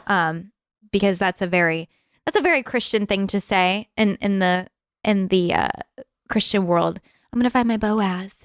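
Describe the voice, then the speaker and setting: A woman with a smooth, clear voice of middle pitch chats through stories on a podcast. She explains things easily, as if to a friend. The recording is dry and close. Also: normal speed, no echo. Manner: explains stories in an easy, conversational way. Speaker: podcast co-host. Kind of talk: casual chat.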